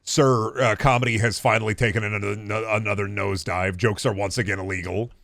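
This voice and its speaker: A man in his thirties talks to his stream chat in a loose, rambling flow, swearing casually between thoughts. His voice sits low. The sound is close and dry. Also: steady tone, a little fast, a bit bright, no echo. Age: 30s. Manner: rambling, laid-back, swears freely.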